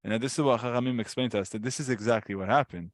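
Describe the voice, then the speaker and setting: A man's voice: mid-range voice, racing, no room sound. A man giving a casual weekly Torah lesson, telling the story with animation and acting out voices. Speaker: Torah teacher.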